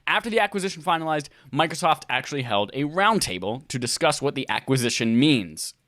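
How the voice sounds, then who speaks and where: A man hosts a casual gaming podcast, bouncing his pitch all over as he cracks jokes between news items. His voice sounds close and dry, with no room around it. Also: brisk, no echo. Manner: jokey, animated, reads news with playful asides. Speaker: podcast host.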